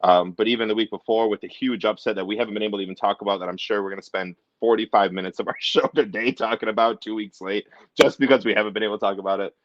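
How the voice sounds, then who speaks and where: A man's voice: fairly low pitch, fairly even intonation, rapid-fire, hardly any pauses, no echo, lo-fi sound. A man co-hosting a casual sports podcast, rambling and enthusiastic as he reels off stats. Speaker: podcast co-host.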